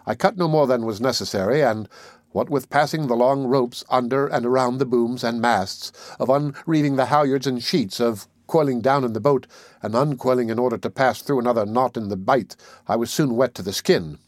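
A man's voice: medium pitch, no echo. Male audiobook narrator, dry close sound. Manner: measured, steady storytelling. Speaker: audiobook reader.

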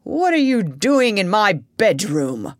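A proud, commanding king from a storybook, as a woman reading aloud puts him on. The voice sits low and swings widely in pitch, sounding stern and haughty. The recording is close and dry. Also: expressive, unhurried, no room sound. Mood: indignant.

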